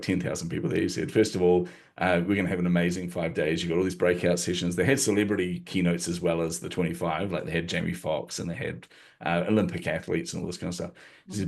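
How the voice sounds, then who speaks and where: A man shares a story as a podcast guest, with a lively telling and frequent laughs. His voice sits low and deep. It carries a husky, slightly breathy grain throughout.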